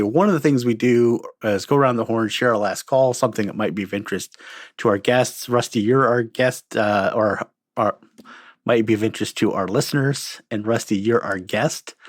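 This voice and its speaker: A man's voice: mid-range voice, no echo, clean studio sound. A man hosting a podcast, speaking in an easygoing, casual way as he wraps up the show. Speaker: podcast host. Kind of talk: casual conversation.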